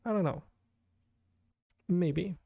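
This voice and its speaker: A man's voice: sits high, very slow, vocal fry, slightly rough, no echo, dull audio. A man streaming a game, chatting casually with viewers in a chatty, self-deprecating way and laughing often. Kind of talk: casual live-stream chat.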